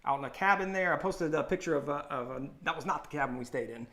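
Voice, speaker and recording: An upbeat man in his thirties co-hosts a casual live stream and talks loudly. He greets viewers by name in an energetic, infomercial-like way. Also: fairly high pitch, fast talker. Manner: upbeat, loud, shouting out viewer names. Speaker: co-host of a woodworking live stream.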